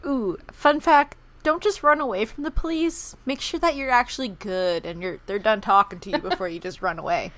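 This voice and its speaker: A woman with a fairly high voice co-hosts a casual podcast. She breaks in with quick reactions and dry jokes. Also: fairly bright tone. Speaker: podcast co-host. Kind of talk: casual chat.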